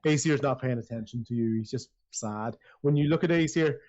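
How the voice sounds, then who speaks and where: A man's voice: medium pitch, a little fast, a little mellow. Chatty male game master, rambling narration, slightly muffled lo-fi audio. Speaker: dungeon master.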